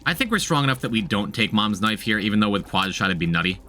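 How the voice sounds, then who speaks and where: A man's voice: lowish voice, big pitch swings, quick pace, pushed and bright. A man streaming a game, chatting casually, thinking aloud, repeating himself and talking to his chat. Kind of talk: casual gameplay commentary.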